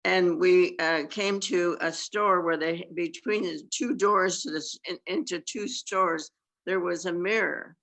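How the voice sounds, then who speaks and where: A woman's voice: fairly low pitch, a little slow, gravelly, a bit bright, low-quality recording. An older woman telling a rambling family memory on a video call, with many fillers. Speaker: aunt.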